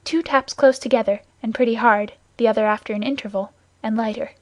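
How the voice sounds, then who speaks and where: A woman's voice: a little high, steady tone, brisk, no room sound, lightly acted. A woman voicing an earnest, gallant young male guardsman in an audiobook, reassuring and commanding.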